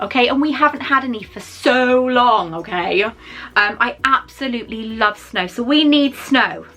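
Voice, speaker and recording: A woman's voice: a little high, normal speed, bright, forceful tone, faint music behind. A woman in her forties chatting through an unboxing at home, emotional and wandering into asides. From Wales. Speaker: vlogger. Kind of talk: casual unboxing chat.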